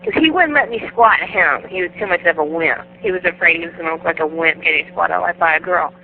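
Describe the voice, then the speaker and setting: A woman tells stories in a loose, animated way, slipping into the voices of the people she describes. She comes through a thin, tinny phone line with a faint hiss underneath. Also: fairly low pitch, fairly quick. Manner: animated, laughing, acts out the voices in her stories. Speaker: guest wrestler. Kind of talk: casual storytelling interview.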